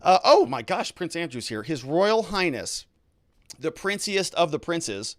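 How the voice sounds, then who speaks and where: Lively conversational male lawyer host. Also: fairly high pitch, unhurried, dry recording, clean studio sound. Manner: conversational, hedging with fillers. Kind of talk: casual livestream commentary reading chat.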